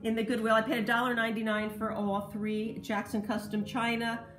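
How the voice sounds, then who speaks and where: A woman's voice: on the high side, little pitch movement, fairly quick, roomy sound. A woman in a casual vlog, chatting about her thrift-store finds and explaining their history in detail. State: slight cough. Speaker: thrift reseller showing finds. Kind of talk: casual show-and-tell vlog.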